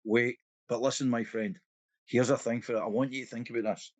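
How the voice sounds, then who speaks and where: A man's voice: mid-range voice, steady tone, brisk, dry recording. A Scottish man co-hosting a podcast in casual chat, acting out quotes and laughing often. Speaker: podcast co-host.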